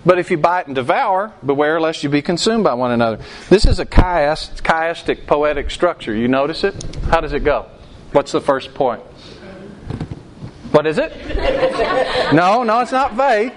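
Higher-voiced man preaching interactively. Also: lively intonation, moderate pace, slight background noise. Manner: asks the congregation questions, acts out quoted outbursts. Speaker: pastor. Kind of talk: interactive sermon.

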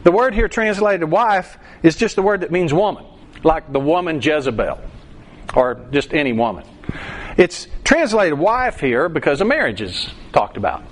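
A man's voice: a little high, normal speed. A man preaching a sermon verse by verse, acting out quoted voices and bursting into song. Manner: animated preacher, acts out voices and sings a line. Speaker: pastor.

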